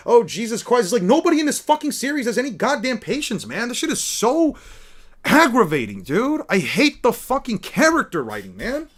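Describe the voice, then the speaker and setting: A man reading comic dialogue aloud in a flat monotone, then breaking into loud, sweary rants in a casual way. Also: very high voice, brisk. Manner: casual, fillers like "man" and "dude". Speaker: manga reader and reviewer. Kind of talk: reading manga aloud with reaction commentary.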